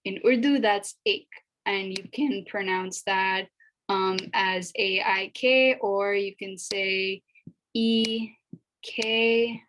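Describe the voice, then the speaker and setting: A woman's voice: mid-range voice, fairly even intonation, slow, a bit bright, rough recording. A woman from Pakistan giving a casual video language lesson, explaining patiently and chattily with many fillers. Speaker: language teacher.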